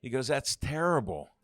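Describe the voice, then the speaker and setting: An older man rambles through anecdotes in a fairly low voice, slipping into the voices of the people he quotes. His laugh breaks in often. The sound is dry and close, with no room around it. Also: fairly bright tone, no room sound. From Pittsburgh. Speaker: guest. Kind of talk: casual storytelling interview.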